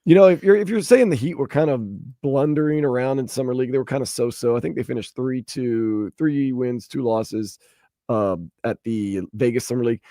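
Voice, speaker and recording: A man's voice: mid-range voice, a little fast, dry recording, studio quality. A man hosting a sports radio show, chatting casually and animatedly about headlines. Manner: chatty, animated, acts out quoted people in raised voices.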